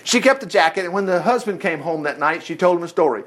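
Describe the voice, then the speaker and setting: A man's voice: on the high side, lively intonation, fast, fairly bright tone. A man teaching a Bible study, reading scripture aloud and breaking in with folksy exclamations and rhetorical questions.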